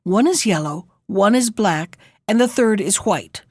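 A woman voicing a furious, cruel old witch who shouts threats in a storybook reading. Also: medium pitch, animated, unhurried, no echo. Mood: menacing. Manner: shouting threats, gnashing menace.

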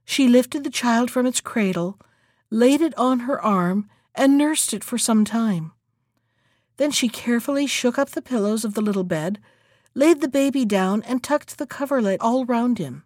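A woman reads a fairy tale aloud in a steady, even manner. Her voice sits a little high, and the recording is close and dry with no room sound. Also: moderate pace, no room sound. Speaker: narrator. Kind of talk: storybook narration.

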